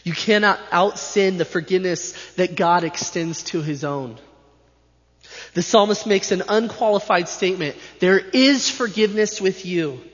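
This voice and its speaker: A man's voice: sits high, measured pace. A male pastor delivering a sermon with an emphatic, repetitive preaching cadence. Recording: dull sound with long hall reverb.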